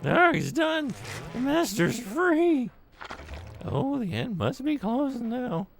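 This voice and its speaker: A man voicing a timid goo creature trapped in a game, pleading slowly in a high, strained voice. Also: big pitch swings, gravelly, soft background music, heavily acted. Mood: awed pleading. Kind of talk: reading game dialogue aloud in a voice.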